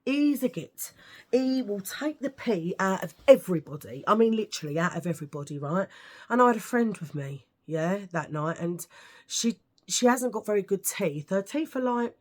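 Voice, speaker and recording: A woman's voice: mid-range voice, expressive, normal speed. A British woman vlogging, telling stories to camera in a chatty, ranting way with lots of asides. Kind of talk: casual storytelling to camera.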